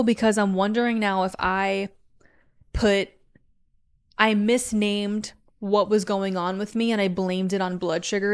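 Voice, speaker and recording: Young female podcast host, candid and chatty, mid-pitched, casual solo talk. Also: clear, resonant tone. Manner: candid and chatty, heavy use of "like".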